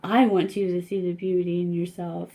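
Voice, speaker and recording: A woman giving a casual spiritual card reading, talking gently and haltingly with many fillers. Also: lowish voice, level tone.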